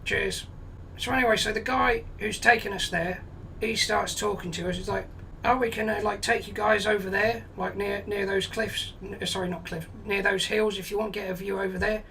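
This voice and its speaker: Gravelly man telling a sweary comic story. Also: high voice, steady tone, brisk, bright, forceful tone, recorded from a distance, slight background noise, rough recording. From England. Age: 40s. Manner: blunt, sweary, exasperated anecdote with quoted dialogue. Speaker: comedy storyteller.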